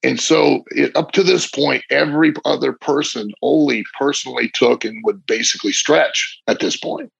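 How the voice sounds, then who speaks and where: Speaking at medium pitch and a moderate pace with few pauses, a middle-aged ex-wrestler spins a long, vivid tale full of restarts and loose asides during a casual interview. His voice is thick with gravel and husky, captured close and dry on a dull, lo-fi recording with no room sound.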